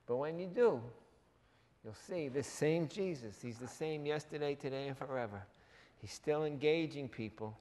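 A man preaching a sermon as pastor, animated and jokey, with quick asides to the congregation. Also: on the high side, big-room sound. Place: church hall.

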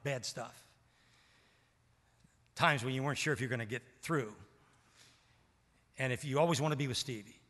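An older man from Maryland preaches a sermon, telling stories and acting out the dialogue. His voice is bright and cutting. A long church reverb trails every phrase. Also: medium pitch. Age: 70s. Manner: storytelling, acts out quoted dialogue. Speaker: pastor.

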